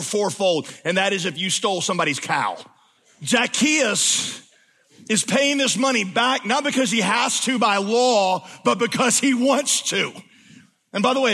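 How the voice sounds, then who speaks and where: A man preaching a sermon in a church, dropping to a slow hush for emphasis, then rising to loud exclamations. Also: high-pitched, breathy edge. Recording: long hall reverb.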